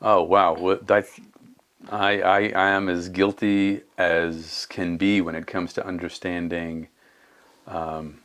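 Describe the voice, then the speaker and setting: A man's voice: low-pitched, level tone, slow, fairly bright tone. A man in his fifties talking earnestly in a casual conversation, thinking aloud and restarting his sentences. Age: 50s.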